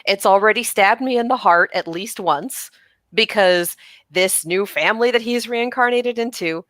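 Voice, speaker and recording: An American woman co-hosting a podcast in casual chat, animated and quick to act out quotes. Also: medium pitch, no room sound. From United States. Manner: animated, acts out quotes with laughs. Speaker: podcast co-host.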